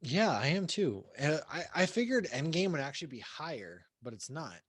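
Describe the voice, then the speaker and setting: A man's voice: on the high side, sing-song, normal speed, fairly bright tone, husky, no echo, clean studio sound. A man in his thirties co-hosting a podcast, chatting casually at home and ranting with swearing. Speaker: podcast co-host. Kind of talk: casual chat.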